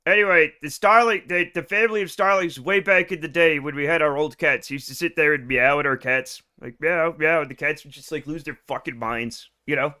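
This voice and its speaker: A man's voice: fairly high pitch, fairly quick, few pauses, bright, forceful tone, clear, resonant tone. An American man live streaming a game, chatting with his viewers in a rambling, profane and self-mocking way. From United States. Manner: rambling, profane and self-deprecating, with frequent restarts. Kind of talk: casual rambling chat with viewers.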